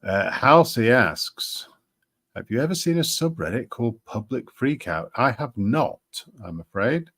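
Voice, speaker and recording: A man talks slowly and haltingly on a casual live stream, filling his pauses with ums and restarts. His voice sits at an ordinary middle pitch for a man. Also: sing-song, fairly bright tone. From Britain. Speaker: livestream host.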